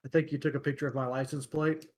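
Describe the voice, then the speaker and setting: A young man chatting casually on a podcast, with a mid-pitched voice. He tells everyday stories haltingly, stopping for fillers and hunting for the right word. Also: flat delivery. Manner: halting, searching for words with many fillers. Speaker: podcast host. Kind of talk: casual chat.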